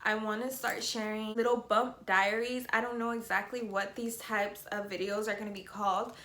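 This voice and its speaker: A woman's voice: mid-range voice, normal speed, reverberant. A young woman telling viewers emotional personal news in a chatty vlog, slightly out of breath and full of fillers. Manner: chatty, tearful and excited, many fillers. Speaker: vlogger.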